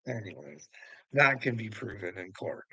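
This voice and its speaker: A man's voice: medium pitch, vocal fry, pushed and bright, husky, dry recording, poor audio. A man rambling to viewers, laughing constantly, swearing and taunting someone.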